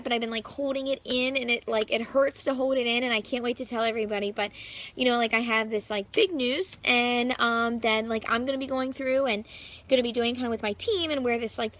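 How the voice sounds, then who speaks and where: A young woman with a slightly high voice vlogs casually outdoors in her backyard. She is a fitness coach, rambling and upbeat. Her sentences are full of "like" and "you know". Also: a bit bright. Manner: rambling, heavy use of "like" fillers. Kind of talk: casual vlog monologue.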